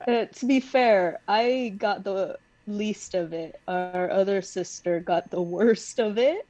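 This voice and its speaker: A woman's voice: mid-range voice, slow pace, few pauses, dark tone, no room sound, highs cut off. A young woman co-hosting a podcast, chatting casually about her siblings and laughing as she tells stories. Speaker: podcast co-host. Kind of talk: casual conversational chat.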